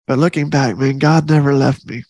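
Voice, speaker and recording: A man's voice: medium pitch, fairly even intonation, moderate pace, a little mellow, dry recording. A middle-aged man hosting a faith podcast, speaking earnestly and from the heart, repeating key phrases for emphasis. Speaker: podcast host.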